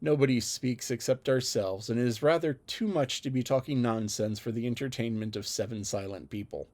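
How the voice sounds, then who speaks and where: A man voicing a spirited, witty young gentlewoman with a teasing manner. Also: medium pitch, a little fast, close to an everyday voice.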